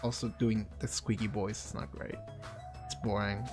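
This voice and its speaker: A woman's voice: very deep voice, level tone, normal speed, a little mellow. A woman streaming a visual novel, rambling through blunt, offhand opinions on the characters, with faint game music behind her. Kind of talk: casual let's-play commentary, reading dialogue aloud.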